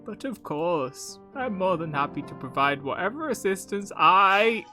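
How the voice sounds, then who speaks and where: A man's voice: high voice, big pitch swings, faint music behind, heavily acted. Man doing a polite old cafe-owner bird. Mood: kindly. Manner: formal, gentle, measured.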